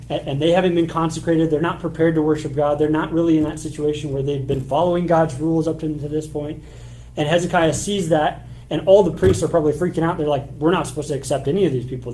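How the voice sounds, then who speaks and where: A man's voice: a little high, dark tone, slight background noise, rough recording. A man preaching a sermon in a church, reading scripture aloud and explaining it in a loose, conversational way. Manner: conversational, casual filler words; reads scripture passages aloud. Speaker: pastor.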